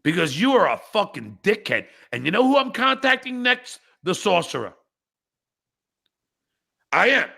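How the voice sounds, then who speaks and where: A man hosting a livestreamed podcast who rants angrily at chat commenters, swearing and breaking into shouts, then reads viewer messages aloud and mocks them. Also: high-pitched, big pitch swings, measured pace, gravelly, pauses often. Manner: angry, profane, bursts into shouting; reads viewer chats aloud with mocking replies. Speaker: podcast host.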